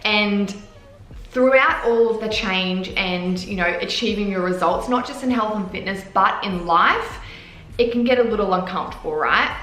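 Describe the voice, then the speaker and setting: Gushing excitable woman vlogger, roomy sound. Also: medium pitch, moderate pace, a little hiss or hum. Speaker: fitness clothing brand founder. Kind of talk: casual vlog talk to camera.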